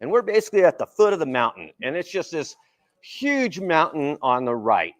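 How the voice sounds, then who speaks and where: A man giving a casual, animated storytelling keynote to a live audience at an event hall. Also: a little high, moderate pace. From El Paso, Texas. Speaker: keynote speaker. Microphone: handheld mic, partly without it.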